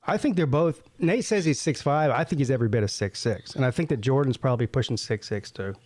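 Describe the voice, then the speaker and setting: A man's voice: medium pitch, quick pace, a little mellow, no room sound. A man co-hosting a casual online show, teasing the others and asking question after question. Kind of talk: casual chat.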